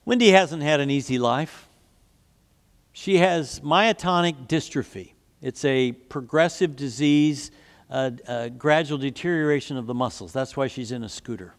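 A man's voice: medium pitch, unhurried. A man preaching a sermon as pastor, telling stories earnestly and asking the congregation questions. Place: church sanctuary. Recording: long hall reverb.

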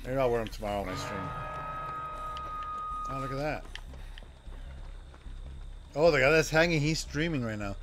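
A middle-aged man streaming a game live, chatty and excitable, laughing and swearing at scares. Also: mid-range voice, moderate pace, pauses often. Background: game music.

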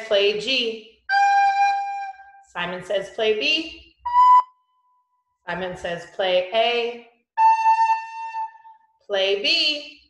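Slow, patient woman music teacher. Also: on the high side, fairly bright tone, reverberant. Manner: slow, clear, patient instructions to children. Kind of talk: children's music lesson.

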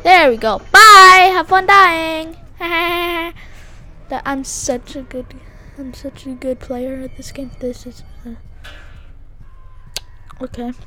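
A young woman commenting casually as she plays horror games at a computer, jumpy and quick to shriek and scream at scares. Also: high voice, little pitch movement, slight background noise. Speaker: gaming video host.

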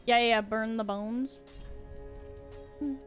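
A woman's voice: fairly high pitch, steady tone, slow pace, highs cut off, faint music behind. Playful woman streamer with voice modifier. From Canada. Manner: playful, giggly, teasing. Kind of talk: casual gameplay commentary.

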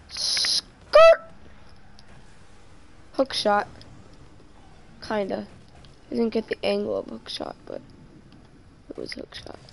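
A woman's voice: mid-range voice, big pitch swings, a little slow, creaky, long pauses, noisy background. A woman streaming a game live, chatting casually and joking, often trailing off mid-sentence.

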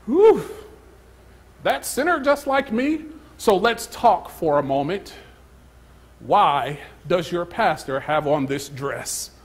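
Husky guy preaching a slow sermon in church, drops to near whispers then gets loud. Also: high-pitched, lively intonation. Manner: swings from hushed whispers to loud emphatic calls. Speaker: pastor. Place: church sanctuary.

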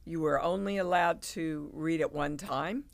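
A woman, a guest on an interview show, telling stories in an animated way and acting out the people in them. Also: low voice, unhurried, creaky. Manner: animated, acts out quoted people. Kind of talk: casual interview storytelling.

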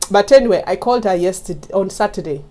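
Talking fast in a mellow, expressive mid-range voice, a Kenyan YouTube vlogger chats casually with her audience. She laughs a lot and keeps speaking directly to viewers, recorded on a mic in front of her.

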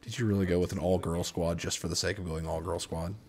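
A man with a somewhat low voice talks casually through a game stream. He jokes a lot, reads game text aloud and drops quick asides to his co-host. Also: fairly even intonation, vocal fry, a little mellow. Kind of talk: casual gaming chat.

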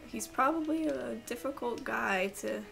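Bright, giggly young woman gaming. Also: a little high, moderate pace, vocal fry, soft background music. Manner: giggly, exclamatory, flustered. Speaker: co-player. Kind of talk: casual gameplay commentary.

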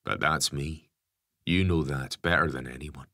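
A man playing a stubborn ex-convict father who talks calmly and plainly. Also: a bass voice, a little slow, no room sound, studio quality, heavily acted. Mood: resigned. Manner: calm, plain-spoken.

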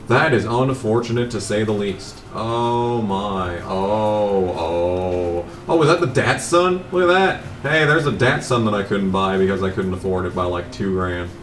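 A young man with a fairly low voice grumbles and swears his way through casual gameplay commentary. He sits a bit back from the mic in an echoey room, with faint noise underneath. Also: recorded from a distance. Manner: grumbling, profane, laid-back rambling.

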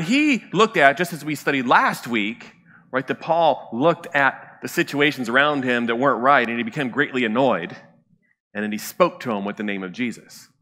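A man's voice: mid-range voice, sharp tone, big-room sound. A man preaching a sermon as pastor in a conversational way, often checking in with the congregation. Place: church sanctuary.

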